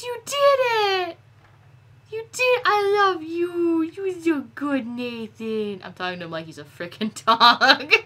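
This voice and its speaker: A woman giving silly, animated let's-play commentary, chatting to the game characters as she plays. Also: fairly high pitch. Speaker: gameplay commentator.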